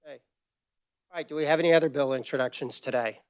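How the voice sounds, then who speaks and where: In a committee room, a man chairing a legislative hearing talks into a table microphone in a brisk, procedural manner. His voice sits a little high, with a clear, resonant tone.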